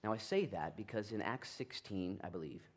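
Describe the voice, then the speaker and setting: A pastor with a fairly low voice preaches a Bible study sermon, animated and frequently jumping into quick, playful voices for the story's characters. Afterward he settles back into a low, earnest tone.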